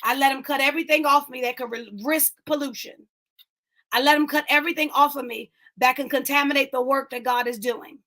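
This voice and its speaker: A woman's voice: high-pitched, steady tone, fairly quick, bright, forceful tone. A woman hosting an online inspirational talk, preaching with emphatic repetition and speaking directly to live viewers. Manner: emphatic, repeats lines, talks to live viewers. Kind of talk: preaching-style encouragement.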